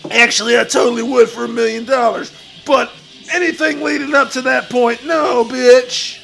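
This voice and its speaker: Guy putting on a super high gravelly wrestler voice, crude and braggy, bright and sharp. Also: little pitch movement, fairly quick, faint music behind, full character voice. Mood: swaggering bravado. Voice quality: gravelly, shouty bravado. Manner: crude, swaggering, talks of himself in third person. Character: boastful washed-up male pro wrestler. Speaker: streamer in character. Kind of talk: improvised comedy stream.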